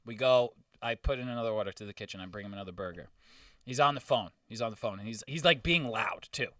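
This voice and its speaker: A young man on a podcast, telling stories in a casual, animated way, swearing and acting out customers in raised voices. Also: fairly low pitch, fast talker, dry recording, studio quality, recorded from a distance. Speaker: podcast co-host. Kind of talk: casual storytelling chat.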